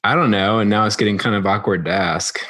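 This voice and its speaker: A man co-hosting a podcast in casual chat, halting and thoughtful, with fillers. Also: lowish voice, a bit bright. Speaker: podcast co-host.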